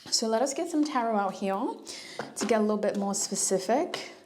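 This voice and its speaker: A woman's voice: medium pitch, a little fast, darkish tone, slight background noise. A woman doing a casual tarot reading, chatty, laughing often and acting out little dialogues. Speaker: tarot reader.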